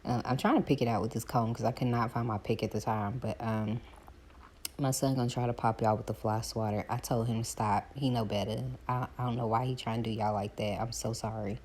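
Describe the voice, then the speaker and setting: A woman, chatting casually to her viewers while doing her hair, animated as she retells her calls. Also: extremely low pitch, fairly quick, slight background noise. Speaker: vlogger.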